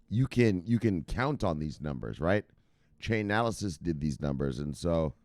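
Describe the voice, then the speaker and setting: A man's voice: low-pitched, a little mellow, no echo. A man hosting a crypto news show in casual, profane commentary, brash and laughing at his own jokes. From United States.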